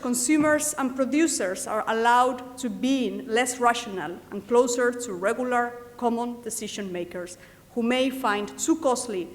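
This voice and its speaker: A woman chairing a session, giving a formal, careful introduction of the guest speaker with a few hesitations. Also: fairly high pitch. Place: lecture hall. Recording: long hall reverb.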